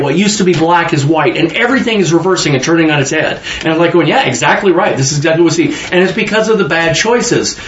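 A man preaching a sermon, stopping and repeating words, and slowing down to read scripture aloud. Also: a little high. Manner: halting, repeats words, slows down to read verses. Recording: dull, echoey room with faint noise.

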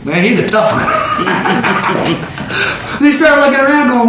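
A young man with a fairly high voice delivers a lively, storytelling sermon, jumping into character voices and bursts of shouting. His voice bounces around a very echoey room, with faint noise underneath. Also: normal speed, long pauses. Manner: animated, acts out voices and shouts. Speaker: preacher.

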